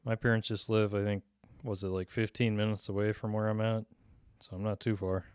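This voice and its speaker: A young man from Minnesota with a slight Minnesota accent hangs out on a casual livestream, laid-back, laughing often and answering his chat. His lowish voice is flat, darkish and smooth, a little fast, captured in studio quality with no echo.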